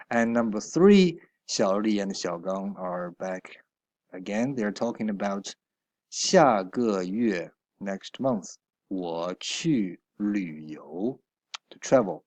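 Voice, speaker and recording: A man's voice: fairly low pitch, darkish tone, no echo. A man teaching a Chinese textbook lesson, explaining each line patiently with hesitant fillers and corrections along the way.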